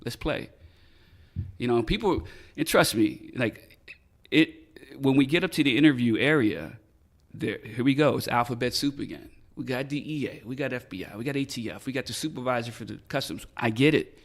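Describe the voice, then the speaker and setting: Speaking a little fast at medium pitch, this middle-aged retired police detective is a guest in a podcast interview. He swears freely and keeps it casual, bringing the quoted dialogue to life as an animated storyteller.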